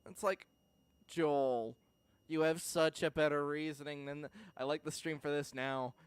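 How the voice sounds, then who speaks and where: A male podcast co-host in casual chat, excitable, quick to laugh and swear. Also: on the high side, clean tone, dry recording.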